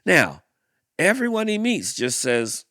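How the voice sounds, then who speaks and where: A man's voice: fairly high pitch, huge pitch swings, slow pace, bright, forceful tone, no room sound, studio quality. A man hosting a podcast, reading a picture book and reflecting aloud, with frequent restarts and sighs. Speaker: podcast host.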